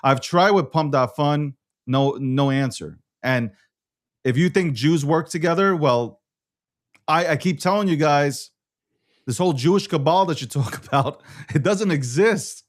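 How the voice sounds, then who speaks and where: A man's voice: on the high side, a little slow. Blunt, swearing male live-stream host. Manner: blunt, swears freely, repeats himself. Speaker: show host. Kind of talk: casual live-stream chat.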